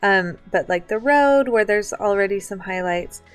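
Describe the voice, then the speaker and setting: A woman's voice: mid-range voice, normal speed, smooth, soft background music. A young woman teaching a live online photo editing class, chatty and step by step, with lots of likes and ums. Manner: chatty, filler-heavy, explains step by step. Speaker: photography instructor. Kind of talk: casual screen-share tutorial. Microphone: computer mic on a live online class.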